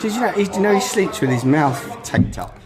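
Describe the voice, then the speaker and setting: A man's voice: sits high, lively intonation, a little fast, crowd noise. A man co-hosting a casual football chat, trading dry, joking banter. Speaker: podcast co-host.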